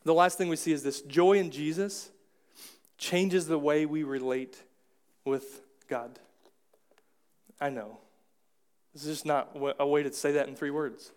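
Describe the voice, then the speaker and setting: A man preaching a sermon as pastor, talking conversationally with quick asides and acting out quotes. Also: a little high, steady tone, a little mellow. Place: church.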